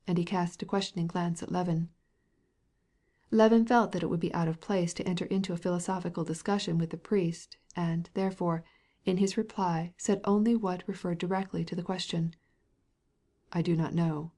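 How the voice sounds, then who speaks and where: A woman narrating a classic novel in a measured, even audiobook reading. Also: on the low side. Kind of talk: scripted narration.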